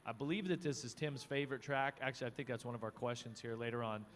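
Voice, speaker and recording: A man co-hosting a live motocross show outdoors, relaxed and teasing, with plenty of fillers. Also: mid-range voice, quick pace. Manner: easygoing, teasing, many fillers. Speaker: co-host. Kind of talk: live paddock broadcast chat.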